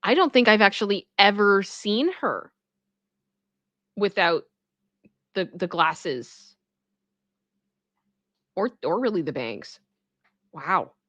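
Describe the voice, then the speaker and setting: A woman hosting casual reaction commentary, chatty and expressive and quick to laugh. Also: medium pitch, no echo, muffled recording. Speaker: pop culture reaction host.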